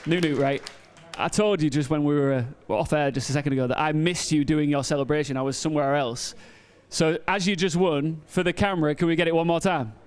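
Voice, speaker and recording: Lively high-pitched man interviewing over a loud crowd. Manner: lively, upbeat. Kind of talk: live post-match interview. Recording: loud crowd and noise at a live event.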